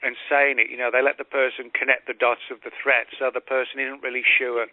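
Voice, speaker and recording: A man, a guest author on a call-in radio interview, explains at length in a measured way with frequent fillers and restarts. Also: mid-range voice, level tone, no echo. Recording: tinny phone-line audio, dry.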